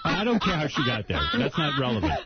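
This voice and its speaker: A man hosting a radio talk show, prodding his guest with questions and deadpan follow-ups. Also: fairly high pitch, fast talker, lo-fi sound, over loud music. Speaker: radio host. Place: radio studio.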